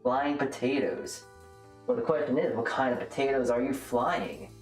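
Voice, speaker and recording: A woman's voice: a bass voice, animated, normal speed, a little mellow, soft background music. A woman streamer chatting casually and rambling, joking at her own expense while reacting to chat. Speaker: livestreamer. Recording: roomy echo.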